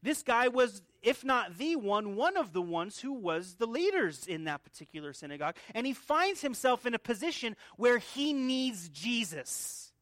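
A man's voice: extremely high pitch, sing-song, moderate pace, few pauses, fairly bright tone, no echo, studio quality. A male pastor preaching an expository sermon in an earnest teaching manner, often restarting and repeating words. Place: church.

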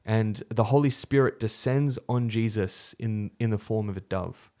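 Man, podcast co-host, casual storytelling, fillers and restarts, middle pitch. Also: moderate pace, hardly any pauses. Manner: relaxed and storytelling, with fillers and self-corrections. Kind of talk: conversational faith podcast teaching.

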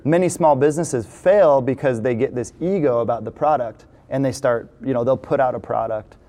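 A man hosting a casual interview, talking in a relaxed, rambling way with many fillers. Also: medium pitch, a little fast. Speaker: podcast host.

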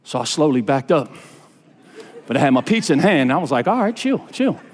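A man preaching a sermon as pastor, telling stories with fervor that climbs to high, intense peaks. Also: fast talker, long reverb tail, slight background noise. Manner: animated storytelling preacher, rising to high fervent peaks.

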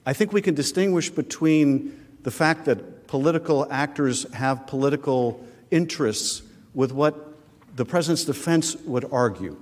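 The mid-range, darkish voice of a man serving as prosecuting manager echoes with long reverb through a large chamber. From the podium microphone, he makes a formal legal argument, earnest and insistent on his points.

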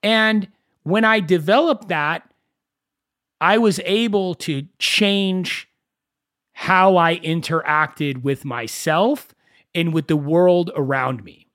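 A man with a somewhat high voice hosts a solo podcast. He talks casually and tells stories with animation, often poking fun at himself. The sound is dry and close. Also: takes it slowly, no echo. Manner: conversational, animated storytelling with self-mocking asides. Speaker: podcast host.

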